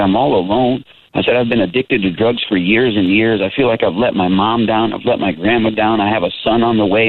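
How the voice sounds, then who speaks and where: A man's voice: fairly low pitch, gravelly, slightly rough. A man in his thirties giving an earnest, emphatic testimony as an interview guest, talking casually. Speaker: interview guest, Christian rapper. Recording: tinny phone-like line, dry.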